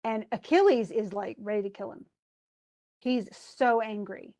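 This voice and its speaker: A woman's voice: a little high, a little slow, dark tone. Chatty woman retelling a story. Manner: chatty, opinionated, uses many fillers. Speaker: teacher retelling a classic epic. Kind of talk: casual storytelling lesson.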